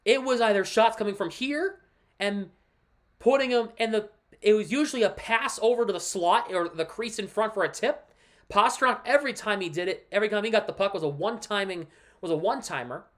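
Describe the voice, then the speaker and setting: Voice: medium pitch, brisk, fairly bright tone. Hockey streamer breaking down plays then venting, fed up and emphatic, just talking to chat. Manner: frustrated, ranting, emphatic; walks viewers through a play by pointing on screen. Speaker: livestream host and hockey fan. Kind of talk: casual livestream commentary on a game.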